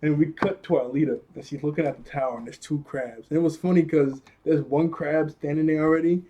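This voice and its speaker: A young man with a mellow voice that sits a little high recaps a cartoon episode. He keeps breaking into laughter and fills his retelling with slang and fillers. He sounds relaxed and chatty throughout. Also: fairly quick, highs cut off, slight background noise. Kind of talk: casual episode review recap.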